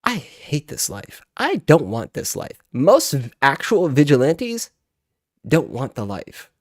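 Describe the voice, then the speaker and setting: A slightly high male voice with huge pitch swings and a slow pace comes through clean studio sound with no room sound. He's in his 20s, hosting a reaction video and ranting, exasperated and full of profanity.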